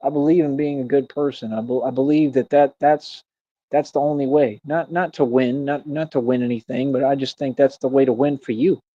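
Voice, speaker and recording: A man's voice: mid-range voice, fairly even intonation, brisk, mellow, no room sound. A young man rambling in a casual livestream, preachy and repetitive, calling the listener "man" and "bro". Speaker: streamer. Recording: dull, dry lo-fi stream audio.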